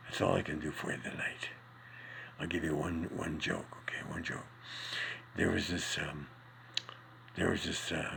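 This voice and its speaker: A rambling, wisecracking ancient old Jewish man, as a man puts him on, talking in a deep, heavily gravelly voice. He drifts between folksy preaching and old-school jokes peppered with Yiddish words. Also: fairly bright tone, a little hiss or hum, heavily acted. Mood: joking. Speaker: comedic host. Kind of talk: comic monologue in character.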